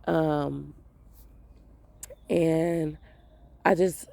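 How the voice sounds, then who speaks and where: Gravelly low-voiced woman telling a story. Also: steady tone, drawn-out words, dark tone, dry recording. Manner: rambling, repeats phrases, quotes people in voices. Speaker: mother of young kids. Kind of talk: casual storytelling vlog.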